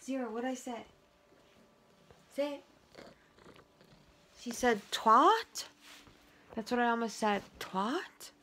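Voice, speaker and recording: A woman's voice: on the high side, steady tone, a little slow, long pauses. A young woman rambling casually at home, joking at her own expense, with lots of fillers. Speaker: vlogger. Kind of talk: casual chat. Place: at home indoors. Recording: noisy home recording.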